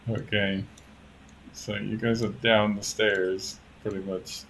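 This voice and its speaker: A man narrating as game master in a tabletop game, easygoing and often laughing, with halting narration. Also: fairly low pitch, level tone, a bit bright, a little hiss or hum, poor audio.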